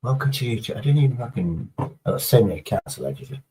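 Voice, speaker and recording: A man's voice: mid-range voice, animated, fast, warm tone, low-quality recording. Rambling, foul-mouthed man streaming. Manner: rambling, heavy swearing, chatty storytelling. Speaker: live streamer. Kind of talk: casual live-stream chat.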